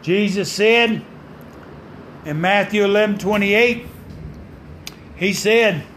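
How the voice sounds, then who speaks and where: Male preacher, pitched high, fervent and emphatic, pauses for effect, light background hum. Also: fairly bright tone. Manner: fervent, call-and-response preaching; dramatic pauses and emphatic quoting of scripture. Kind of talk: sermon.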